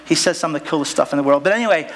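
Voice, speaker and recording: A man's voice: fairly high pitch, racing, a bit bright. A man preaching a sermon at a church service in a rambling, jokey way, full of asides, on a stage microphone. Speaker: pastor.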